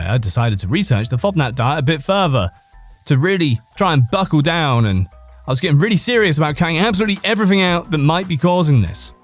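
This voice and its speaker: A man hosting a podcast, reading online posts aloud in a casual way, now and then cracking up laughing and tripping over words. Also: medium pitch. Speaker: podcast host reading stories.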